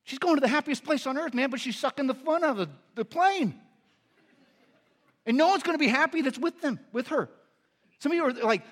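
A man, a pastor, delivering a sermon, moving between earnest teaching and animated storytelling. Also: very high-pitched, brisk, pauses often. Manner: animated storytelling with lively impressions.

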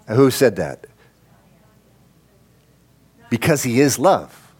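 A man's voice: medium pitch, unhurried. A pastor preaching a sermon in a church, talking straight to his congregation and building to fervent, repeated emphasis. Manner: preaching with rising, impassioned emphasis and repetition; addresses the congregation directly.

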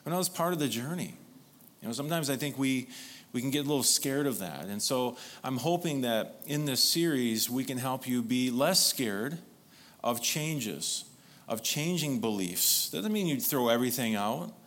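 A man's voice: medium pitch, animated, normal speed, fairly bright tone. Man preaching with congregation call-outs. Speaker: pastor. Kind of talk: sermon.

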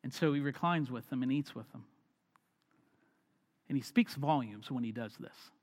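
A man preaching a sermon, swinging from loud emphatic lines down to hushed near-whispers. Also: mid-range voice, normal speed. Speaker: pastor. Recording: long hall reverb.

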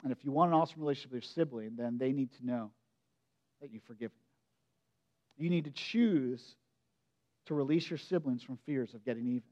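A man giving a sermon as pastor, preaching in an expressive, conversational way and often asking his listeners direct questions. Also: mid-range voice, fairly quick, pauses often, dull audio.

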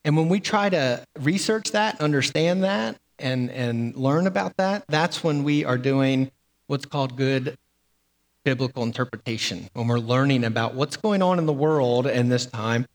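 A man's voice: mid-range voice, normal speed, in a large hall. A man delivering a sermon as pastor, in a conversational way with fillers and repeated words.

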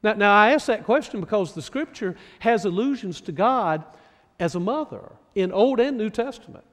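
A male pastor from North Carolina preaching a sermon, slow and deliberate, asking his listeners many questions. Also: high-pitched, animated, long reverb tail.

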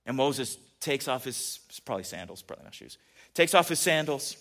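A man preaching a conversational sermon, asking his listeners questions and moving between quiet asides and emphatic peaks. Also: medium pitch, fairly quick. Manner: animated, asks the audience questions, swings between soft asides and emphatic peaks. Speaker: pastor.

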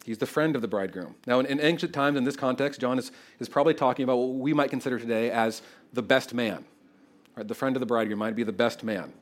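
A male pastor preaching through a Bible passage in a conversational, animated style. His voice sits at an ordinary middle pitch. He keeps asking "right?" to bring listeners along. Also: fast. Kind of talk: expository sermon.

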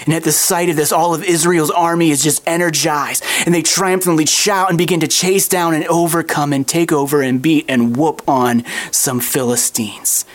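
Preacher telling a story in a sermon, lively and chatty, everyday pitch. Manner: animated, conversational storytelling.

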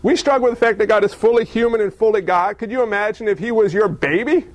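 A man's voice: sits high, fast talker, no room sound, poor audio. A male pastor preaching a sermon in a conversational storytelling way, full of rhetorical questions.

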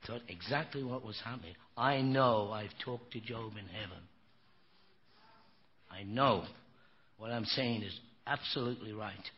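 A man's voice: fairly low pitch, unhurried, long pauses, slightly rough. An older man preaching a sermon, telling stories in a folksy, emphatic way and often saying "you know.". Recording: dull lo-fi recording with faint noise.

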